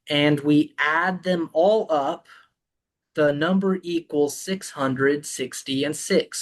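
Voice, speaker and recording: Man giving a slow, halting Bible talk. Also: a little high. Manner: halting, with many ums and restarts. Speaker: Bible study presenter. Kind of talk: Bible study presentation.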